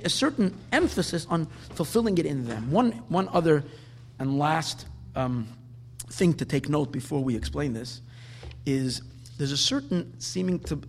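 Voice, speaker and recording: A man with a notably high voice teaches a Talmudic lecture. He explains point by point and lingers over the Hebrew quotes. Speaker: Torah teacher.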